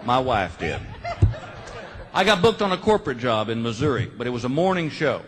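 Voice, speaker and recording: A man's voice: medium pitch, sing-song, fairly quick, noisy background. A middle-aged man telling folksy stories in a stand-up comedy routine, building each one to a punchline. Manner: folksy storytelling, punchline delivery. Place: live comedy stage with audience. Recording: live show with crowd laughter. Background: audience laughter.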